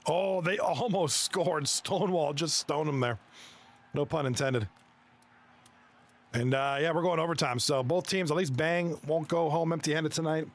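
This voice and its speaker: A man giving live commentary on a video game hockey league, reacting excitably to plays and chatting with his viewers. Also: a little high. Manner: excitable, quick reactions to plays, chuckles often; chats with viewers between plays.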